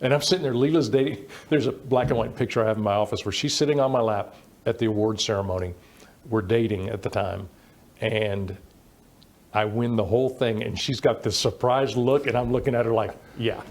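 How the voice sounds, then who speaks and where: Man telling lively stories. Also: medium pitch, a little fast. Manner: animated anecdotes with quoted dialogue. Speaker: interview guest. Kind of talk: storytelling in a conversational interview.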